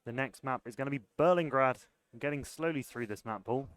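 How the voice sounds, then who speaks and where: A British man is casting a live esports match, and he rattles through his lines at a fast clip. His tone stays chatty and joking as he trades remarks with his co-caster. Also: mid-range voice, fairly bright tone, clean tone, dry recording. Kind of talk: live game commentary.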